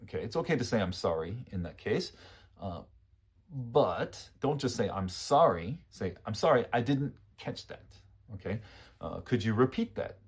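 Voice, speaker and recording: A man teaching phrases in a casual lesson, speaking slowly and animatedly and repeating phrases for learners to copy. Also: lowish voice, sing-song, slightly rough. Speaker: English teacher. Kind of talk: casual spoken English lesson.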